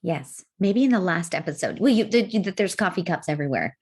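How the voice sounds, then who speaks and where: A middle-aged woman co-hosting a podcast in casual chat, expressive, laughing a lot and swearing casually. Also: on the low side, brisk, slightly rough. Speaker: podcast co-host.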